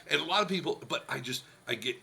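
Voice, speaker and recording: A man's voice: fairly high pitch, expressive, quick pace, vocal fry, sharp tone, a little hiss or hum. A man co-hosting a podcast, telling jokey stories with frequent laughs and stammered restarts. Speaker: podcast co-host. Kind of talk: casual podcast chat.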